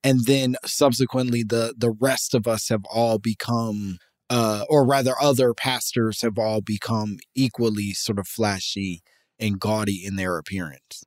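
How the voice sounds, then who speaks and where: A man's voice: lowish voice, steady tone, measured pace, dry recording, studio quality. A young man co-hosting a casual podcast, laid-back and profane, laughing often. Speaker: podcast co-host.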